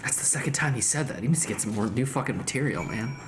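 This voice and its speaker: A man hosting a stream, chatting casually with jokes, swearing and quick asides. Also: mid-range voice, animated, background noise. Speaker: streamer host.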